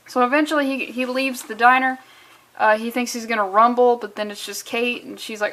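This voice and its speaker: A woman's voice: a little high, steady tone, moderate pace, fairly bright tone. A woman reviewing a comic book in a casual, rambling vlog, sarcastic and full of swearing.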